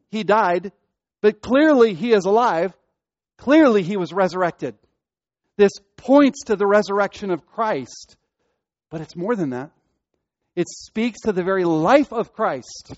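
A man's voice: high voice, expressive, normal speed, darkish tone, no echo, dull audio. A man preaching a sermon, building emphasis through repeated phrases. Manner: preaching with rising emphasis and repetition. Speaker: pastor.

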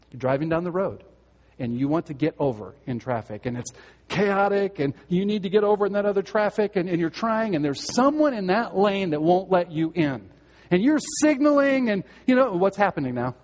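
Earnest preacher man, fairly high voice. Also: darkish tone, in a large hall. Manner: earnest, direct questions to listeners, repeats words. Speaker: pastor. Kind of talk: sermon.

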